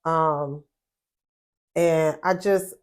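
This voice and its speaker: A woman co-hosting a podcast in casual chat, animated and often repeating words as she starts a thought. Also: sits low, extremely slow. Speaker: podcast co-host.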